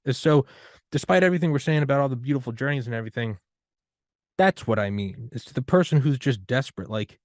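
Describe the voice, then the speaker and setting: A man hosting a podcast, talking in a loose, rambling way that turns loud and higher when he gets worked up. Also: expressive, quick pace, no echo, clean studio sound. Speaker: podcast host. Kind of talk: casual conversation.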